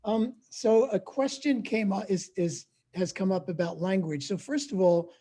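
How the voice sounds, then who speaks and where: A man hosting an interview, asking questions in a relaxed, conversational way. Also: high voice, moderate pace. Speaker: interviewer, opera company director.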